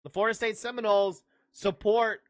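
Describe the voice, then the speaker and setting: A man's voice: high-pitched, level tone, a little fast. A brash man hosting a sports podcast live, firing off dismissive outbursts at his chat. He rants in a jokey, loose way between team picks. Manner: jokey, laughs at own lines. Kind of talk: livestreamed sports talk, answering chat.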